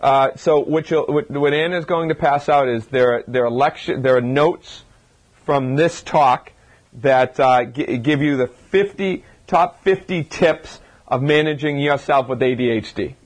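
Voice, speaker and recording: A man's voice: medium pitch, measured pace. Man giving an informal health talk. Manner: talks through his points with frequent restarts and rhetorical questions. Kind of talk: informal lecture to a live audience.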